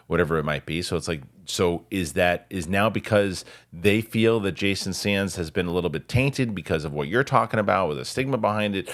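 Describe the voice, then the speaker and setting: A man hosting a casual podcast chat, talking animatedly and jumping up in pitch whenever he quotes other people. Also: a little fast, hardly any pauses. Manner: animated, jumps in pitch when quoting others. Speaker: host.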